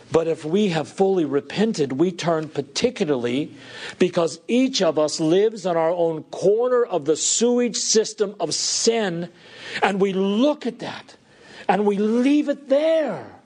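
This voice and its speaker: A man's voice: fairly high pitch, expressive, unhurried, darkish tone, breathy edge. A man preaching a sermon to a congregation, earnest and emphatic, lifting his voice on key words. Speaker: pastor. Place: church sanctuary with congregation.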